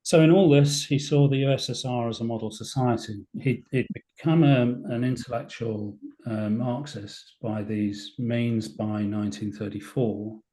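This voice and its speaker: A man with an English accent giving a slide lecture to an audience, thoughtful and hesitant, often pausing on "uh" and "um". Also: mid-range voice, dark tone. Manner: thoughtful, reads quotations aloud, frequent hesitations. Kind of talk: public talk with slides.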